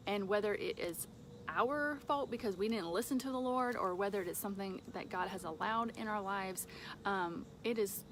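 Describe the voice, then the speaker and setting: A woman giving an informal devotional talk from home, conversational, with fillers and soft laughs. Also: mid-range voice, slight background noise. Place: home with a dog nearby.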